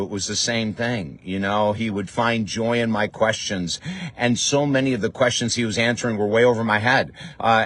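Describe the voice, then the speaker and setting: A man's voice: mid-range voice, fairly bright tone, no echo. A man hosting a podcast in a casual, enthusiastic monologue, with frequent fillers and restarts. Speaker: podcast host.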